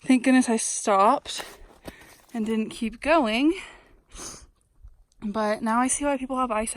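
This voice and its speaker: Young woman hiker vlogging outdoors, a touch high-pitched, unhurried, earnest and chatty, faint background noise. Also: rough recording. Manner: earnest, heartfelt, chatty with many fillers. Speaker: long-distance hiker vlogging. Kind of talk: casual vlog narration. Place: outdoors on a snowy mountain trail.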